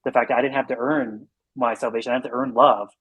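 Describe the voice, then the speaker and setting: A man's voice: medium pitch, fairly even intonation, a bit bright, slightly rough, no room sound, low-quality recording. Podcast guest: earnest man, rambling "like"-filled bursts, dry close mic. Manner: earnest, talks in quick run-on bursts with many "like"s. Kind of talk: casual conversation.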